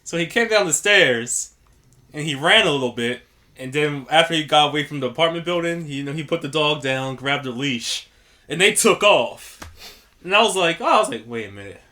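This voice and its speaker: A young man co-hosting a casual podcast, telling lively stories and acting out the people in them. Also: a little high, fairly quick. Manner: animated storyteller, acts out quotes. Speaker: podcast co-host. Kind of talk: casual chat.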